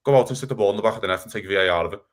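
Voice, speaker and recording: A man ranting heatedly about football on a casual podcast, swearing and talking fast. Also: lowish voice. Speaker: podcast co-host.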